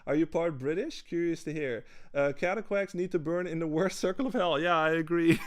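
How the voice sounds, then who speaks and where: A man's voice: fairly high pitch, normal speed. A young man from the Netherlands chatting casually over gameplay, swearing often and restarting his sentences in exasperation. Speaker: gaming streamer.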